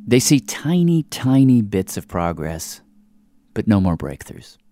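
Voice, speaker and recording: A man hosting and narrating an interview, guiding the story with measured questions and short reactions. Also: on the low side, big pitch swings, warm tone. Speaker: host and narrator.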